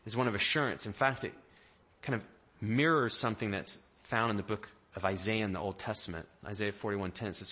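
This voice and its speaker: A man preaching a sermon with a bright, ringing voice. He tells the story like a lively storyteller, jumping into the voices of the people in it. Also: fairly low pitch, brisk, slightly rough. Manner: animated storyteller, acting out quotes in varied voices. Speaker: pastor.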